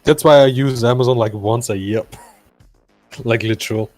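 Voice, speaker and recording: A man in a casual chat, joking and teasing in quick banter. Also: medium pitch, a little mellow, soft background music. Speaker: guest on a hobby stream.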